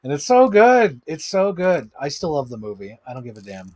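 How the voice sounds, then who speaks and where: A man chatting casually on a live stream about his toy collection, excitable and rambling, swearing freely. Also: on the high side, normal speed, slight background noise.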